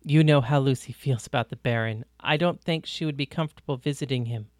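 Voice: mid-range voice, fairly quick, no echo, clean studio sound, lightly acted. A reader voicing Odysseus, a friendly, earnest man, in an audiobook. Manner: earnest, puzzled questions. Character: friendly careful man, a guest at breakfast. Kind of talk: audiobook reading.

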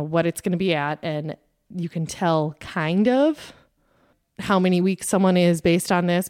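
A woman's voice: on the low side, darkish tone, clear, resonant tone, no room sound, clean studio sound. A woman in her thirties, a podcast host, telling a personal story in a candid, conversational way with plenty of fillers.

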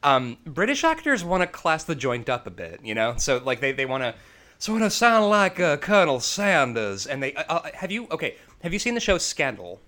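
Animated, bright-voiced man rambling. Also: a little high, moderate pace. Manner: rambling, animated, swears casually. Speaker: podcast co-host. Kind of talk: casual film review chat.

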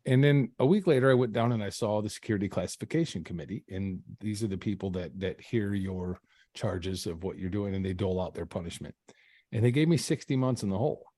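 A man with a fairly low, mellow voice speaks fairly quickly as a podcast guest, telling a personal story in an interview. He's earnest, frequently making false starts and repeating himself. The sound is studio quality with no echo.

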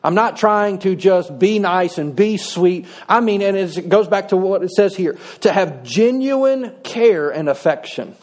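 A man's voice: high-pitched, unhurried, few pauses, darkish tone. A middle-aged man, preaching a sermon in a folksy, conversational way with touches of humor. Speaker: pastor.

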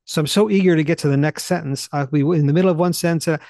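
A man with a gravelly edge to his voice talks fast and eagerly in a relaxed podcast conversation. He cuts off his own sentences in his hurry to reach the next thought. The sound is close and dry, with no room around it. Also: fairly high pitch, no room sound. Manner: fast, eager talker who clips his sentences and restarts. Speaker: Bible study teacher.

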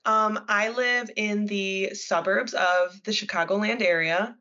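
A woman in her twenties co-hosting a casual chat, teasing her friend with quick banter. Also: medium pitch, fairly even intonation, pushed and bright. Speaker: co-host. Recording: dull lo-fi sound.

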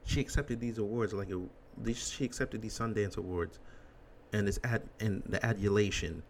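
A man's voice: on the low side, moderate pace, slight background noise. A man hosting a commentary show, ranting bluntly and emphatically with crude language. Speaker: commentary host.

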